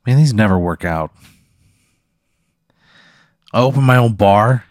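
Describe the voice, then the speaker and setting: A man's voice: lowish voice, animated, unhurried, no room sound, studio quality. A man in improvised comedy banter, reacting with exasperated, profane disbelief. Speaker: comedy guest.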